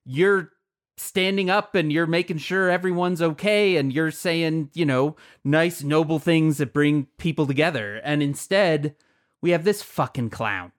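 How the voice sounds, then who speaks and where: Man, podcast co-host, casual political chat, blunt, indignant, swears, fairly high voice. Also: a little slow.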